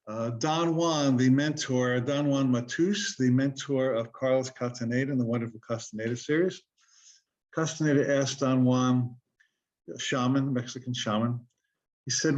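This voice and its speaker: A man's voice: medium pitch, measured pace, lo-fi sound. A man giving an earnest, conversational motivational talk, asking his listeners rhetorical questions. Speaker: self-help speaker.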